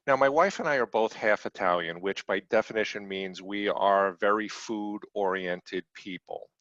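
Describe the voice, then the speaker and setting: A man with a low voice opens an impromptu speaking segment in an upbeat, slightly theatrical way. The call audio is dull and dry. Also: fairly bright tone, no room sound. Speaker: table topics master. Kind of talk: leading a meeting segment.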